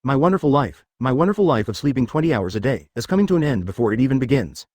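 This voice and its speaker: A man's voice: medium pitch, animated, fast talker, darkish tone, dry recording, studio quality, natural voice. A man reading the lines of a lazy five-year-old ninja boy who whines about his future. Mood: self-pitying. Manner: whining, self-pitying.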